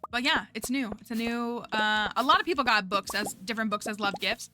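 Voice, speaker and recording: A woman livestreams a game over music, chatting casually as she plays, thinking aloud and talking to her viewers. Her voice is a little high and a little fast.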